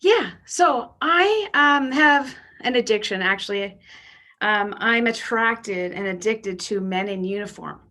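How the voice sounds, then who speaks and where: A woman in her fifties works through a stand-up set with a bright, forward voice pitched a little high. She is brash and self-deprecating, and she leans into bawdy punchlines. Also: lively intonation, slow. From Canada. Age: 50s. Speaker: stand-up comedian. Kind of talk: stand-up routine.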